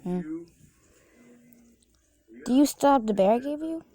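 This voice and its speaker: Soft-spoken twin-sister role, voiced by a woman: gentle and mellow. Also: on the high side, big pitch swings, measured pace, pitched above the performer's own voice. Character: young girl, the listener's stand-in, Max's twin sister.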